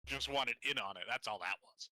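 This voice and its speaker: A man's voice: mid-range voice, fairly quick, pushed and bright. A man playing a tabletop game, exasperated and swearing a lot. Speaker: player. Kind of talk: casual tabletop play.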